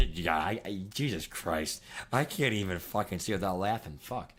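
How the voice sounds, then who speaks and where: A man in his twenties chatting casually on a livestream, rambling and excitable, swearing and laughing as he talks. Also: deep voice, normal speed. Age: 20s. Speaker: streamer.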